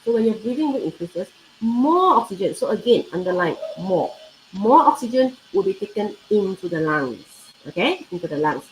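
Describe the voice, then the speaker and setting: A woman's voice: medium pitch, slight background noise, low-quality recording. A woman teaching a live exam-prep biology lesson, often checking in with "right?" and "okay", repeating key words, and chatting with viewers. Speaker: biology tutor.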